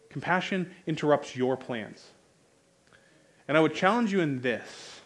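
This sermon comes from an American preacher in his thirties whose pitch sits in the middle. He keeps things chatty and full of jokes, then erupts into loud, forceful moments.

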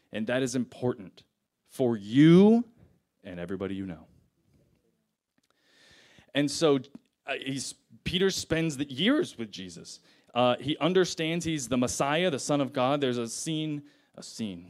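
A man's voice: mid-range voice, big pitch swings, a little slow, pauses often, a little mellow. A young man preaching a sermon in a casual, conversational way, retelling scripture in everyday slang.

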